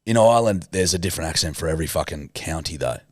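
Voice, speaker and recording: An Australian man co-hosting a podcast, talking bluntly and swearing often as he tells animated stories. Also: rumbling low, racing, no room sound, clean studio sound. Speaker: podcast co-host. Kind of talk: casual podcast chat.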